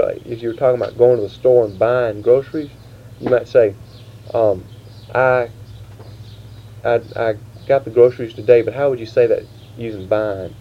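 A man interviewing, asking grammar questions in a halting way, restarting often. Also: medium pitch. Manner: halting, restarts, slow quoted prompts. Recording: dull lo-fi tape with faint hiss.

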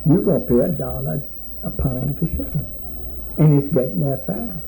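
A man's voice: fairly high pitch, lively intonation, normal speed, vocal fry, warm tone, a little hiss or hum, low-quality recording. A man who farms sugar cane, answering interview questions in a plain-spoken way and often repeating words as he explains.

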